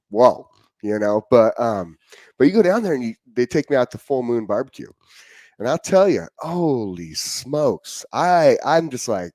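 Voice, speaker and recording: A man's voice: fairly low pitch, a little mellow, no room sound. A young man hosting a casual chat, telling upbeat stories in a laid-back way, on a dry close mic.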